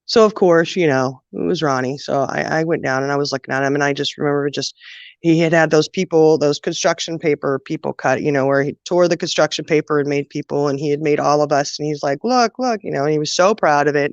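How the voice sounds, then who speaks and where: Halting woman recounting memories, lo-fi. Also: deep voice, steady tone, no echo. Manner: halting, emotional recollection with many fillers. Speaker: guest sharing childhood story. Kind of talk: personal storytelling. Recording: dull, dry lo-fi sound.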